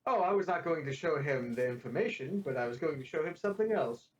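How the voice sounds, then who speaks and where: A man plays in a tabletop game, joking and teasing the table as he talks. His voice sits a little high and swings widely in pitch. A faint hum sits behind him. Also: lively intonation, fast, highs cut off. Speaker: player.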